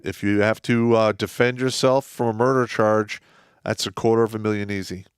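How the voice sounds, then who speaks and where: Low, smooth-voiced earnest male co-host. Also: steady tone, dry recording, clean studio sound. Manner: earnest, measured, with frequent filler restarts. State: drinking beer. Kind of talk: casual live-stream commentary.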